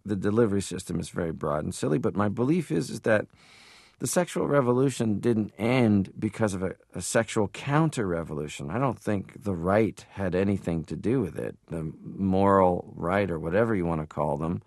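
A man from Canada, a comedian guest, talking casually and at length in an interview, animated, stopping to laugh. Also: sits low, moderate pace, gravelly, dry recording, clean studio sound. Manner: rambling, animated, stops to laugh.

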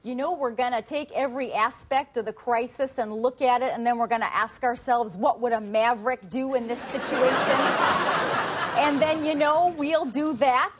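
A woman's voice: high-pitched, moderate pace, a little hiss or hum, pitched above the performer's own voice, close to an everyday voice. A woman playing a chipper, folksy female politician in a comedy sketch, speaking in a sing-song debate cadence. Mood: self-satisfied.

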